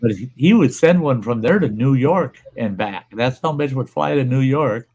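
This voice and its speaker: Profane, animated male storyteller. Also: medium pitch, normal speed, husky. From Upper Midwest United States. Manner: profane, animated storyteller acting out quoted people. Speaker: host. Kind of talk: casual storytelling chat.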